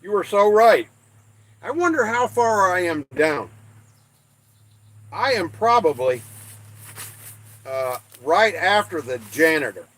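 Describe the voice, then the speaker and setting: This older Western American livestream host has a high-sitting, fairly bright voice with big pitch swings, a slow pace, and long pauses. He reads comments out loud, chatting casually with viewers in a folksy, self-deprecating way.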